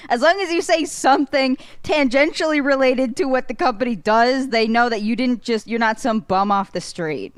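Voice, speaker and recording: A woman's voice: fairly high pitch, normal speed, few pauses, no room sound, studio quality. A young adult woman, a podcast guest, talking bluntly and profanely in casual chat and laughing often.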